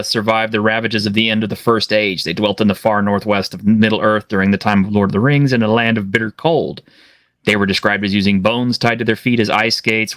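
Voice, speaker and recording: Guy on a geek news panel, normal pitch, dry mic, gets animated arguing. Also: no echo. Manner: animated, rising pitch when objecting. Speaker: guest. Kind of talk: casual panel chat.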